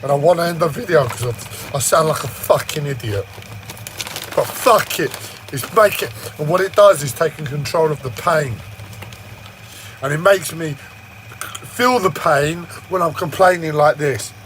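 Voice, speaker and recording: Brief: man ranting on a stream, whiny and strained, slightly high voice, faint noise behind. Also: moderate pace, fairly bright tone, low-quality recording. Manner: agitated, heavy swearing, rambling. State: strained throat. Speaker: livestreamer. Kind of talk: ranting monologue.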